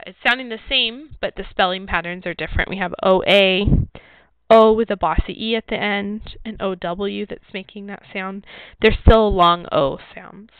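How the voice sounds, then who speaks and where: A woman's voice: medium pitch, no room sound. Woman teacher with a thin, phone-like sound. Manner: slow, clear, explanatory. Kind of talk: phonics word sort lesson. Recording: dry, phone-like narrow sound.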